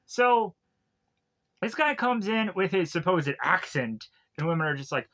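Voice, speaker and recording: A male streamer with a bright, slightly raised voice, rambling loosely through a movie recap. He talks casually and piles in fillers and tangents. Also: sits high, lively intonation, a little slow. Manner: rambling, full of fillers and laughs.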